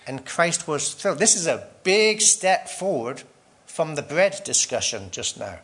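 A man preaching an expository sermon, emphatic and full of rhetorical questions and dramatic pauses. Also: on the high side, very animated, fairly bright tone.

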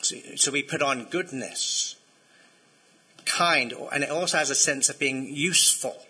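A man's voice: mid-range voice, unhurried, bright, forceful tone, husky, rough recording. A man preaching a sermon in a conversational way, often checking in with his listeners. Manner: conversational, asks the congregation to respond. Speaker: pastor.

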